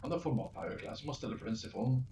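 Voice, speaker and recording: A man's voice: mid-range voice, expressive, fast talker, mellow. A man reading his own fantasy story aloud, stumbling and restarting words as he goes. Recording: roomy, distant mic with faint noise.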